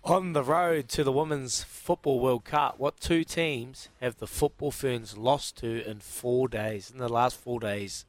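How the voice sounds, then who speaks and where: A man with a New Zealand accent hosting a radio sports quiz, jokey, laughing and calling callers mate. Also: mid-range voice. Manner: jokey, quick to laugh, calls everyone mate. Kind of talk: breezy radio banter.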